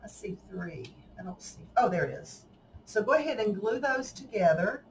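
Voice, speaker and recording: A woman's voice: medium pitch, animated, moderate pace, gravelly. Woman guiding a craft session, distant mic. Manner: friendly, guiding another person through steps. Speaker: craft tutorial host. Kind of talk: casual step-by-step instruction. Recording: distant mic with faint room noise.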